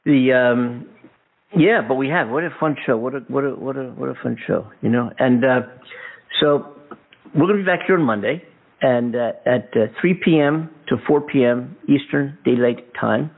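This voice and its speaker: A man's voice: medium pitch, normal speed, creaky. A man co-hosting a call-in talk show, rambling through fillers and restarts and cracking bawdy jokes. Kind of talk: casual joking chat. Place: California, USA. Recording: tinny phone-line sound.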